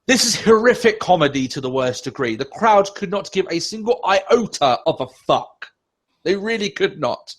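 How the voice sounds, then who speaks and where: A man's voice: high-pitched, expressive, normal speed, fairly bright tone. Guy ranting on a podcast, swears a lot, sarcastic, bouncy up-and-down voice. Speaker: podcast co-host. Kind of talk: casual podcast chat.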